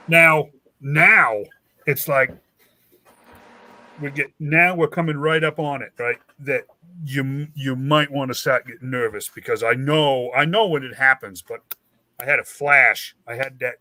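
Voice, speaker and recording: A man tells a long, rambling story in a casual chat and slips into the voices of the people in it. His voice sits a little high and sounds bright and forceful. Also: a little slow, pauses often, no room sound. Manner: rambling, animated, acts out quoted dialogue. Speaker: host.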